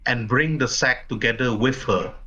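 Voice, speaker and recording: Bright-voiced man running a tabletop game. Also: medium pitch, moderate pace, poor audio. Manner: plain storytelling with many "and then" links. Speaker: game master.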